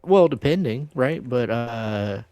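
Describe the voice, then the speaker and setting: A man from the southern United States, a podcast co-host, chatting casually and teasing with quick interjections. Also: medium pitch, expressive, mellow, clear, resonant tone, dry recording. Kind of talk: casual chat.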